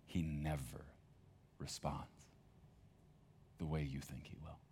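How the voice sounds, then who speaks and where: A man's voice: rumbling low, level tone, slow pace, darkish tone, a little hiss or hum. A male pastor preaching a sermon in a conversational, emphatic storytelling manner.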